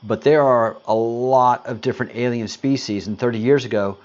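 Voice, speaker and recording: A man's voice: medium pitch, steady tone, moderate pace, a little mellow, lo-fi sound. A man hosting a casual livestream, greeting viewers and answering chat comments in a rambling, hesitant way with lots of fillers. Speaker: livestream host.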